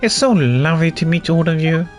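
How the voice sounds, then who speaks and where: A man's voice: a little high, animated, brisk, faint music behind, lightly acted. A man voicing a bubbly, cutesy young woman animal tamer in a nasal, sing-song voice for game dialogue. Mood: perky.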